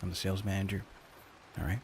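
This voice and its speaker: Low gravelly hesitant man. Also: level tone, quick pace, a little hiss or hum. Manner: hesitant, restarts, lots of "like". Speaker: streamer. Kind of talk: casual ASMR chat.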